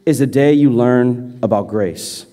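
A man voicing a calm, stern school principal who speaks quietly and gravely. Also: medium pitch, unhurried, pitched below the performer's own voice, natural voice. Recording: reverberant church hall.

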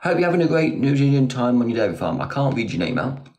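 A man's voice: mid-range voice, sing-song, fast talker, a little mellow. A man hosting a live stream, reading out comments and answering viewers in a sarcastic, teasing way on a phone mic. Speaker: livestream host.

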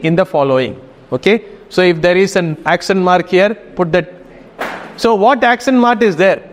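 During a Greek classroom lesson, a high-voiced male teacher gives instructions, repeatedly asking his students "okay?" to check in. A long reverb tail follows his speech.

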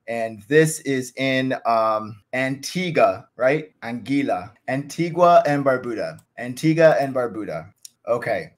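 Casting: male vlog host, loose and jokey, casual rambling commentary at a home desk. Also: mid-range voice. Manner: rambling, jokey, lots of fillers. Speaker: cricket channel host. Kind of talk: casual screen-share commentary.

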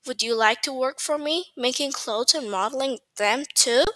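Kind gushing designer lady in a storybook, a woman doing her, highish and bright. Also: normal speed, no echo. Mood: admiring. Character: kind grown woman fashion designer, admiring.

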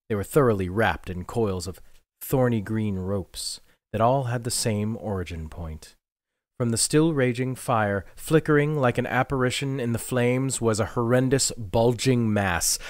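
A man giving measured, dramatic scripted narration of a dark fantasy novel. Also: on the low side, no room sound, clean studio sound. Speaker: audiobook narrator.

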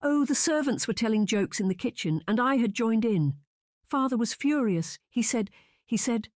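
A woman's voice: low voice, normal speed, a little mellow, no echo, studio quality. A woman narrator voicing a tearful, emotional young woman who wails and pleads, in an audiobook reading. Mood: distraught. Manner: wailing, pleading.

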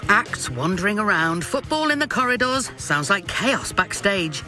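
A narrator reading a documentary script in a lively, playful way. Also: medium pitch, moderate pace. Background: music bed.

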